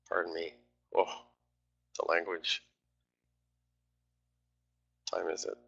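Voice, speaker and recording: A man's voice: deep voice, monotone, takes it slowly, vocal fry, pauses often, sharp tone, husky, highs cut off. A man talking through live trades on a stream, grumbling and swearing at his trading platform.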